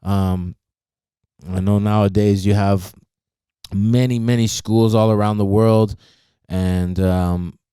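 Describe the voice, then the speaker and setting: A man's voice: lowish voice, fairly even intonation, slow pace, long pauses, warm tone, clear, resonant tone, dry recording, studio quality. A man who is a former student telling an emotional personal story, speaking in an earnest, confessional way and often quoting others as he goes.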